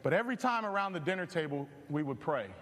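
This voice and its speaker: A male pastor preaching a sermon with animated, joking storytelling. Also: a little high, quick pace, in a large hall.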